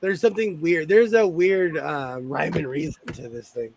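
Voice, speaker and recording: A man with a Southern Californian accent hosting a casual group chat about sewing, talking fast and playfully. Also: fairly high pitch, gravelly, a little mellow. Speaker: sewing channel host.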